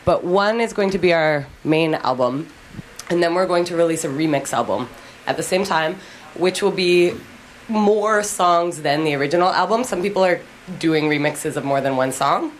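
A woman's voice: deep voice, moderate pace, a little hiss or hum, poor audio. A woman in a band, chatting casually on the radio in a rambling, giggly, self-deprecating way. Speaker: band member guest.

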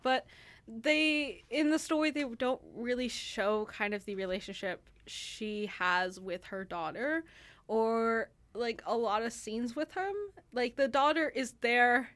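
Young woman, raised pitch, casual radio chat, rambling with fillers. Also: slow pace, a bit bright. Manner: chatty, lots of fillers and restarts, laughs easily. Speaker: theatre reviewer.

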